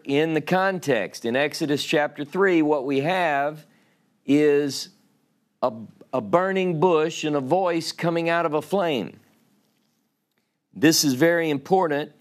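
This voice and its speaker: A man with a Louisiana drawl gives a Sabbath Bible teaching at an unhurried, measured pace. He reads scripture passages aloud and pauses to explain the Hebrew words. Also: medium pitch. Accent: Southern US, Louisiana.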